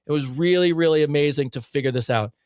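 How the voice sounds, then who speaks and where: A man co-hosting a casual podcast, talking in an excitable, rambling way with plenty of swearing and laughter. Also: fairly high pitch, fast, dry recording, clean studio sound. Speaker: podcast co-host.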